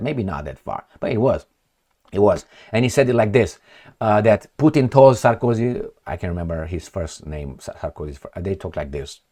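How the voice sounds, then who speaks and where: A man's voice: on the low side, darkish tone. A man giving rambling, sarcastic political commentary on his own, swearing and laughing often.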